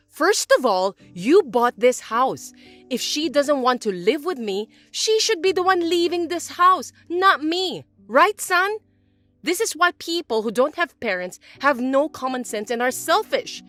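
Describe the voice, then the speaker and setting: A woman voicing a scheming, self-pitying older mother-in-law who talks in a shrill, accusing whine. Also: lively intonation, measured pace, a bit bright, no room sound, soft background music. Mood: complaining. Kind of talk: dubbed drama acting.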